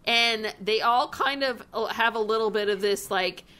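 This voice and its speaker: Bright-voiced excitable woman chatting. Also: on the high side, moderate pace. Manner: excitable, laughs often, slang-heavy. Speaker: podcast co-host. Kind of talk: casual chat.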